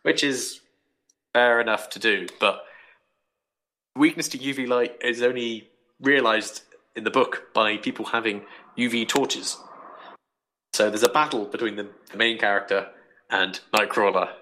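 A young man casually talking through a book on a podcast, rambling and animated, acting out quoted thoughts. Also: mid-range voice, unhurried, long pauses, low-quality recording. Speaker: podcast host reviewing a book.

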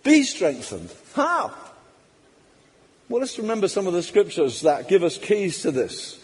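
A man's voice: high voice, wildly swooping pitch, unhurried, slightly rough. A man preaching a sermon emphatically, acting out quoted voices. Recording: long hall reverb.

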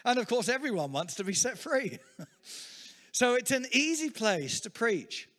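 A man's voice: very high voice, a little slow, in a large hall. A middle-aged man preaching a sermon, telling stories with humor. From England. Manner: lively, humorous storytelling preacher. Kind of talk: sermon with storytelling.

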